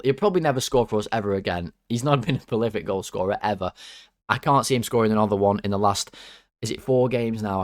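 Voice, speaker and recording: A man hosting a football fan channel, giving casual player ratings in an excitable, jokey and rambling way. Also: on the low side, no echo, studio quality.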